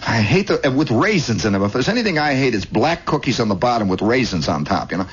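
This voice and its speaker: A man hosting a radio show, telling a long improvised story with many asides, shifting between hushed and excited, on an old lo-fi recording. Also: medium pitch, fast talker, husky. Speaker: radio host. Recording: dull lo-fi 1960s radio.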